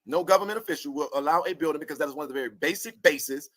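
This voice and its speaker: A man's voice: fairly high pitch, rapid-fire, no room sound. A man giving a fired-up commentary rant, cussing and laughing as he talks to his viewers. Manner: animated, cussing, laughing often. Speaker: online commentator.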